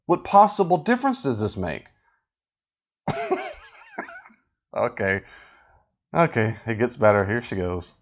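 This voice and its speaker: A man hosting a podcast, talking with animated, sarcastic exasperation as he rebuts a video. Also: fairly low pitch, unhurried, long pauses. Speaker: podcast host. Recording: dull lo-fi audio.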